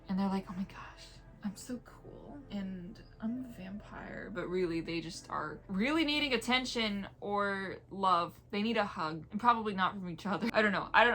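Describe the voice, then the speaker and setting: Chatty, bright-voiced woman reviewer. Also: medium pitch. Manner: chatty, rambling, laughs often, goes off on tangents; playful whispers when mimicking vampires. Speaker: book reviewer. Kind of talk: casual video review.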